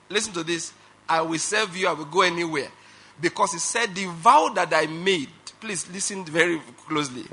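A man's voice: a little high, sharp tone, breathy edge. A male pastor preaching a sermon, emphatic, asking the congregation rhetorical questions and laughing between phrases.

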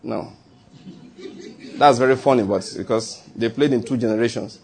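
A man's voice: medium pitch, moderate pace, vocal fry, darkish tone. A middle-aged male pastor preaching a sermon, emphatic and repeating his key phrases.

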